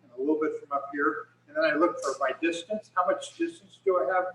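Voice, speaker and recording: A man's voice: fairly high pitch, quick pace, a bit bright, recorded from a distance, a little hiss or hum. A middle-aged man, a photographer, telling rambling stories in casual talk on a video call with many restarts. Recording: echoey room, speaker off mic.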